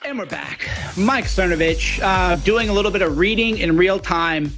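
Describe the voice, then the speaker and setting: High-voiced man mocking his critics. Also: expressive, moderate pace, a bit bright, faint music behind. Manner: mocking, slips into sneering impressions of opponents. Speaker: radio show guest host. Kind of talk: political talk show monologue.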